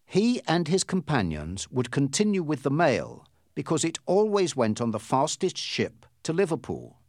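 A man reading a storybook aloud as narrator in a clear, deliberate way. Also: on the high side, huge pitch swings, darkish tone, no room sound, studio quality.

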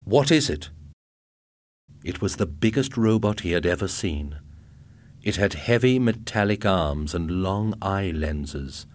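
A man narrating a story aloud in a steady reading voice. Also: sits low, unhurried, dry recording. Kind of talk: audiobook narration.

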